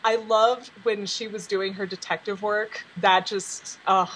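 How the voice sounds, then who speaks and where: A woman chatting casually as a podcast guest, bubbly and excitable. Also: medium pitch, a little slow, slightly rough, low-quality recording. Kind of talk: casual chat.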